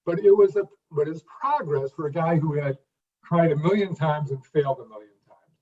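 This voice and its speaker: A man's voice: a little high, expressive, mellow. Guy in his fifties being interviewed, stops and restarts a lot, sounds far off and muffled. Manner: halting restarts, repeats words, then emphatic phrases. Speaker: interview guest. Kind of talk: conversational interview. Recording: distant, dull lo-fi sound.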